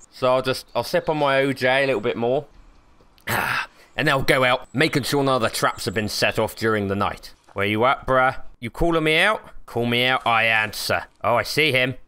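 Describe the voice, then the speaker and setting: A young man commentating a horror game, swearing freely, joking, and yelping when startled. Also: mid-range voice. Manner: swearing, excitable, jokey, yelps when startled. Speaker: gaming YouTuber.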